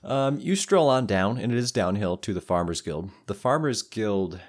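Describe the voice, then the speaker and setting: A man's voice: fairly low pitch, animated, normal speed. A young man narrating as game master of a tabletop game, improvising loosely with lots of restarts.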